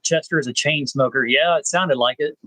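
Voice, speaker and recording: A man, hosting a rambling live chat with viewers, pausing often with "uh". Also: a little high, pushed and bright, no echo, rough recording. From South Texas. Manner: laid-back, rambling, frequent "uh" pauses. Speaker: channel host.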